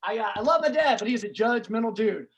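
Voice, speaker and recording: A woman's voice: fairly high pitch, lively intonation, fast. A woman stand-up comedian telling brash, profane stories on a club stage into a handheld mic. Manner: brash, profane, punchy storytelling. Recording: live club with crowd laughter.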